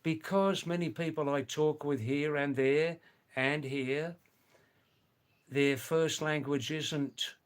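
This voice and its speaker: Slow-paced livestream host, 70s, mild Aussie accent, musing chat to viewers. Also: male voice, on the high side, fairly even intonation, clear, resonant tone. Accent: mild Australian. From Australia. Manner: unhurried, musing, pauses to address viewers by name. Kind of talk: casual live chat reading viewer comments.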